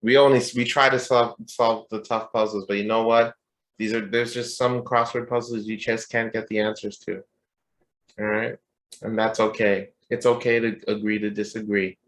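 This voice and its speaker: A young man with a fairly low voice co-hosts a podcast in loose, casual chat. He jokes, swears freely, and rambles from one point to the next. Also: flat delivery, moderate pace, a bit bright. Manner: joking, profane, rambling. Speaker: podcast co-host.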